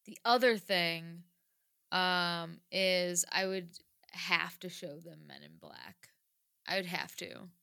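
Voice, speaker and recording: A woman's voice: on the low side, very animated, takes it slowly, vocal fry, sharp tone, clean tone, no room sound. A woman chatting casually on a podcast, giggly and full of fillers. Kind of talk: casual chat.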